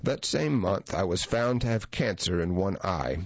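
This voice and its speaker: A man with a very low voice reads a memoir as an audiobook, measured and reflective in his delivery. The recording is close and dry, with a slightly dull, muffled tone to it. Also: animated, no echo. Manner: measured, reflective first-person reading. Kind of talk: audiobook narration of a memoir essay.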